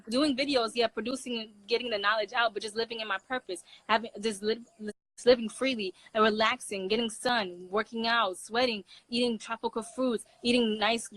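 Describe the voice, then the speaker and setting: A woman's voice: on the high side, bright, forceful tone, no room sound, rough recording. A woman guest on a livestream, speaking earnestly in casual spiritual chat with a preaching tone.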